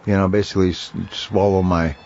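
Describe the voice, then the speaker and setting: A man with an Upper Midwestern accent, hosting a casual podcast chat in a relaxed, easygoing way. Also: sits low, brisk. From northern Minnesota, US. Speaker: podcast host. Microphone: home computer mic. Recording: dull lo-fi audio with faint hiss.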